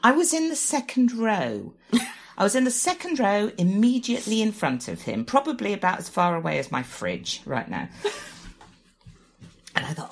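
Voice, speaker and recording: Husky, lively woman telling a story. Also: medium pitch, moderate pace. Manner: self-mocking, laughs often, acts out quotes. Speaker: guest telling an anecdote. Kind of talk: animated anecdote, chatty.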